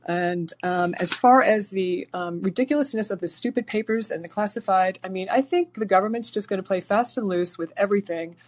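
A woman calling in to a talk show, rambling excitedly with many fillers and restarts. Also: mid-range voice, fairly quick, few pauses. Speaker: caller.

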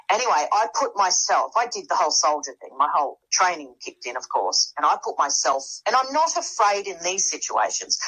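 A woman tells her story in an animated, dramatic way, slipping into the voices of the people she quotes. Her voice sits low and sounds husky. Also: low-quality recording. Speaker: guest. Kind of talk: storytelling in casual conversation.

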